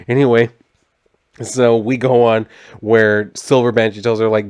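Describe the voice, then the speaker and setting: A man's voice: medium pitch, little pitch movement, normal speed, clean tone, dry recording, clean studio sound. A young man casually recapping a comic book, talking loosely with lots of "like" and some swearing, and lightly acting out the characters' lines as he reads them. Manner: chatty, swears, lots of "like", half-acts the quoted lines. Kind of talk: casual comic recap, reading dialogue aloud.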